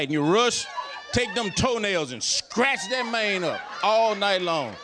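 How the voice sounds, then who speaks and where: A pastor preaching a folksy, joking sermon. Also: male voice, sits high, big pitch swings, slow, a crowd in the background, noisy background.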